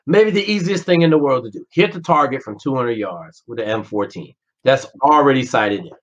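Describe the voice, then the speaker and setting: A medium-pitched, animated and fairly quick voice belongs to a former Navy SEAL telling a story as a podcast guest. He curses bluntly and acts out what people said, in a casual interview captured with slightly dull lo-fi sound.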